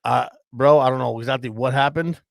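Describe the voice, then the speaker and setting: Talking fairly quickly in a creaky, medium-pitched voice, this man co-hosts a podcast and spins a meandering story full of profanity and endless "bro"s. No room sound is audible.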